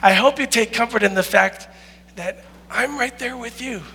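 A male pastor preaching a sermon in an animated, humorous storytelling style, often laughing. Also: very high-pitched, moderate pace, a little hiss or hum. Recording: long hall reverb.

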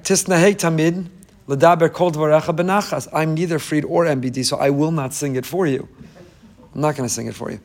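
A man teaching a lively Torah lecture, emphatic and repeating key phrases, with joking asides to his listeners. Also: on the high side. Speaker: rabbi teaching a class.

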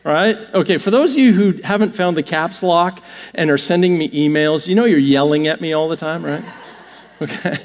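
A man's voice: on the high side, normal speed. A male pastor giving a conversational sermon, joking with his congregation in a church with long hall reverb.

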